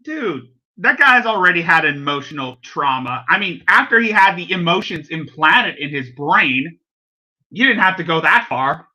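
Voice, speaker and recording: A man's voice: a little high, sing-song, moderate pace, sharp tone, highs cut off. A man hosting a reaction video, rambling in casual commentary and often breaking off mid-sentence with exclamations.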